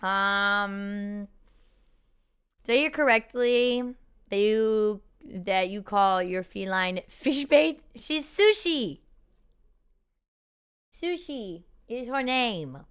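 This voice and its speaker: A woman's voice: medium pitch, very slow, pauses often, a bit bright, clean tone. A woman chatting on a live stream, laughing often and reading out viewer comments. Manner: reads viewer comments aloud. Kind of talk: casual live-stream chat.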